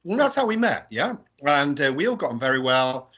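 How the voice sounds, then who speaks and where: British man, lively storyteller, bright and a bit husky; guest on a talk show. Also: a little high, fairly quick. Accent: British English. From England. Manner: animated, tag questions, laughing mid-story. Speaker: guest explorer. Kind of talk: casual storytelling on a radio show.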